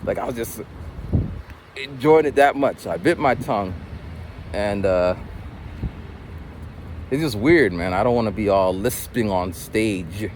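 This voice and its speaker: A man talking casually to the camera while walking outside, telling stories in an animated, chatty way. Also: on the low side, unhurried, pauses often. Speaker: vlogger. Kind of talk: casual vlog monologue. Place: outdoors on city streets. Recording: outdoor phone recording, traffic noise. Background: traffic and street noise.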